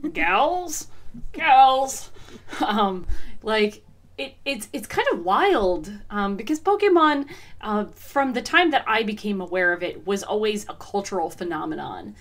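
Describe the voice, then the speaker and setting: Woman co-host, mid pitch, reflective and hesitant. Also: animated, moderate pace, a bit bright. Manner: thoughtful, many ums. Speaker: podcast co-host. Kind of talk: casual podcast chat.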